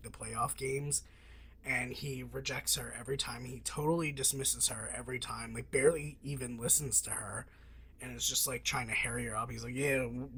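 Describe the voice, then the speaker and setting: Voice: mid-range voice, bright, forceful tone, breathy edge. A podcast host chatting casually about a film, laughing often and trailing off mid-thought.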